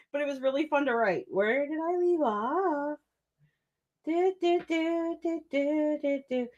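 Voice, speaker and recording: A young woman hosting a live writing stream, chatting casually, laughing often and restarting her sentences as she goes. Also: fairly high pitch.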